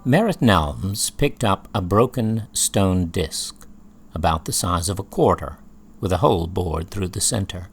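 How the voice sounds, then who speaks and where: A man reading an audiobook in a slow, measured storytelling voice. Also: low-pitched, lively intonation, breathy edge. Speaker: audiobook narrator. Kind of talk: scripted audiobook narration.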